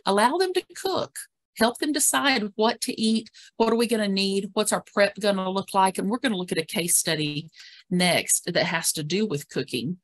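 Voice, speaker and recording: A woman educator gives a calm, instructive webinar presentation on caregiving, walking listeners steadily through examples. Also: mid-range voice, moderate pace, no room sound. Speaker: dementia care educator.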